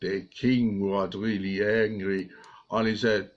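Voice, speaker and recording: An older man telling Bible stories to young children in an animated way, acting out the characters. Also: on the low side, slow, highs cut off. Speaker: storyteller for children.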